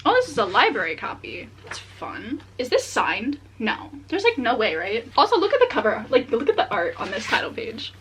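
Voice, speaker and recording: A young woman chats excitedly through a casual book-unboxing vlog, leaning on filler words as she talks. Her voice is bright and sits a little high. A faint hiss of noise sits under the recording. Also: normal speed, hardly any pauses. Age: young adult. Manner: excitable and chatty, many "like" fillers. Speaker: book vlogger.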